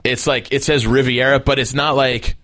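A man co-hosting a podcast, chatty and quick with asides, laughing often. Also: mid-range voice, fairly even intonation, fairly bright tone, no echo, studio quality. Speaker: podcast co-host. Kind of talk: casual chat.

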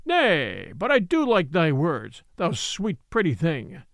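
A man's voice: a little high, wildly swooping pitch, takes it slowly, a bit bright, no room sound, studio quality, heavily acted. A man voicing a bold, merry outlaw who mocks his foe in old-fashioned speech. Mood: teasing. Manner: cheeky, mocking, playful. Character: merry, bold young male outlaw, teasing. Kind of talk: audiobook character reading.

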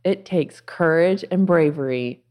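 Female guest, deep voice for a woman, calm earnest spiritual talk. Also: a little slow. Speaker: podcast guest. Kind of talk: spiritual conversation.

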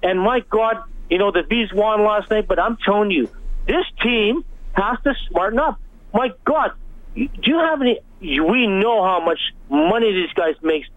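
Fed up guy calling in, high voice, rambling rant, sounds like a phone line. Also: a little slow, no echo. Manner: frustrated, rambling, acts out what he said. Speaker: caller. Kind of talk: call-in radio rant.

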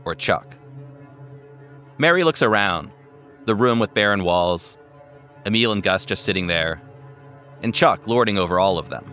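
Male host, scripted narration, measured and dramatic, bright tone. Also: on the low side, lively intonation, faint music behind. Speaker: podcast host.

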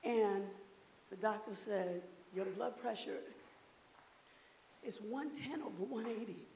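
A woman from Brooklyn telling a personal story to a seminar audience, animated and acting out what people said to her. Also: mid-range voice, takes it slowly, slight background noise. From Brooklyn, New York. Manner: animated, acts out quoted dialogue. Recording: echoey hall.

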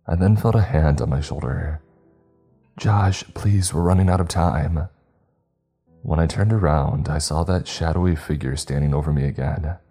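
A man narrating a first-person horror story in a measured, confessional way. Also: a bass voice, dark tone. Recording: faint music bed under narration.

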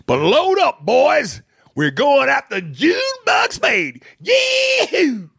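A man voicing a shrill, hollering redneck father who whips up a mob. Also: animated, slow, gravelly, no echo, clean studio sound, exaggerated voice. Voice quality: high strained shouting.

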